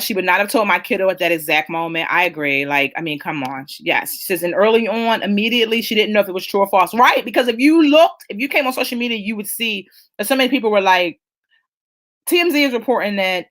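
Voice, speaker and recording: A woman's voice: medium pitch, a bit bright. A middle-aged woman hosting a casual live chat, talking emphatically and reading out viewer comments. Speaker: host of a live chat show.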